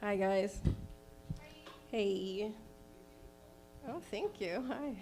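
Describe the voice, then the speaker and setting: A woman's voice: medium pitch, very slow, a little mellow, a little hiss or hum. A woman doing a stand-up set on a live stage, hesitant and awkward with many ums. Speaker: stand-up comic. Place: live comedy venue stage.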